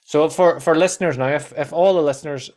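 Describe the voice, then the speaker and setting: A man, a guest on a podcast, telling animated stories and acting out quoted voices, with casual swearing. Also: a little high, brisk. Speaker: guest, content coach.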